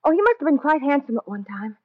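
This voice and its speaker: Gushing, flirty secretary. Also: female voice, high-pitched, sing-song, fast talker. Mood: recounting. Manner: gushing and breezy. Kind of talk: 1940s radio acting. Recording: dull lo-fi old radio broadcast.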